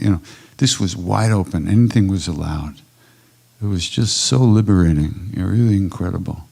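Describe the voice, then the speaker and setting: A kirtan teacher, older and low-pitched, tells stories at a retreat Q&A held live in an ashram hall. He's animated and brisk with vocal fry, keeping his anecdotes warm, casual and conversational.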